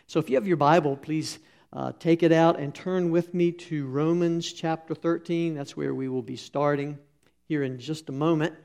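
Middle-aged male preacher, raspy gravelly tone, relaxed folksy anecdotes. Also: fairly high pitch, normal speed. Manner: folksy storytelling, many fillers and restarts. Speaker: pastor. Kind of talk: sermon with anecdotes.

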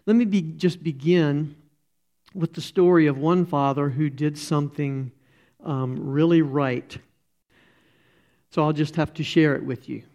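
A middle-aged man delivers a conversational sermon in a slightly high, gravelly voice. He talks in a halting way, stopping and restarting his sentences, and is often close to tears. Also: fairly even intonation, darkish tone. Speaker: church speaker. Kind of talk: informal sermon.

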